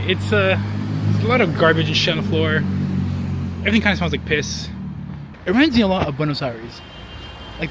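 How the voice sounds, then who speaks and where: A young man vlogs his travels into a handheld camera against a noisy background. His voice sits a little high, and he swears a lot while rambling casually through his stories.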